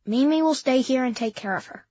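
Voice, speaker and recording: A woman's voice: high voice, a little fast, mellow, no echo. A woman voicing a worn-out father who speaks in a tired, subdued, pleading way. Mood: weary. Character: weary, worn-out father, low and quiet. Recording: dull dry lo-fi.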